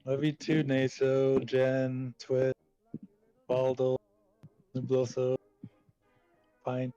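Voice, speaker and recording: A man's voice: medium pitch, completely flat delivery, very slow, warm tone, clear, resonant tone, no room sound. A man chatting casually on a live stream, easygoing and affectionate toward the viewers. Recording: dry, slightly dull mic with faint music.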